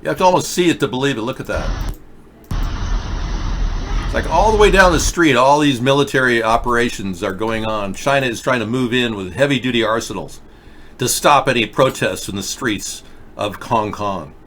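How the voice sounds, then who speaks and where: A man's voice: medium pitch, normal speed, fairly bright tone, slight background noise. A man hosting a live political video chat show, talking emphatically and directly to viewers while wearing a mouth guard. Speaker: political talk show host.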